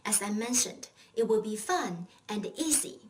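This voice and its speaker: A woman's voice: medium pitch, animated, measured pace, recorded from a distance, a little hiss or hum, low-quality recording. A woman teaching a recorded language lesson, patiently explaining and leading repeat-after-me drills.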